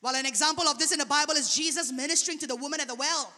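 A woman preaching a sermon, telling a testimony in an animated way. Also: high-pitched, rapid-fire. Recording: long hall reverb.

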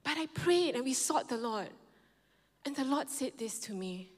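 Woman pastor giving a sermon, high voice, big echoey hall, tells her story and acts out what people said. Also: expressive, moderate pace. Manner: storytelling, quotes others in shifting tones. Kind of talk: sermon with personal testimony. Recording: long reverb of a large hall.

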